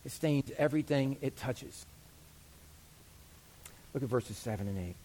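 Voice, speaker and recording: A middle-aged man preaching a sermon, animated and playful, acting out quoted voices with self-deprecating humor. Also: medium pitch, unhurried. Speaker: pastor.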